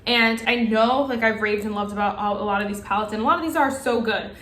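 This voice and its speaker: A young woman gushing excitedly as she reviews makeup and talks straight to her viewers in a casual vlog. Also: medium pitch, fast. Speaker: beauty vlogger. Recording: echoey room.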